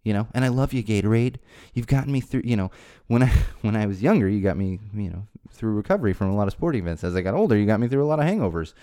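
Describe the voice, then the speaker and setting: Podcast host, man in his thirties, low mellow voice, rambling exasperated rant. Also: expressive, fast talker. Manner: rambling, exasperated, repeats himself. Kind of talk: casual ranting monologue.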